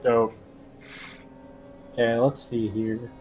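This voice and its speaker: A man as game master of a tabletop game, talking casually, cursing freely and filling pauses with "uh" and "um". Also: mid-range voice, level tone, highs cut off, soft background music. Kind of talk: running a tabletop game over voice chat.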